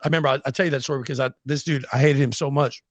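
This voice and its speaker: A man's voice: medium pitch, steady tone, racing, dry recording, dull audio. A man hosting a podcast, telling brash, competitive stories in a casual chat. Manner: brash, storytelling, says bro a lot. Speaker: podcast host.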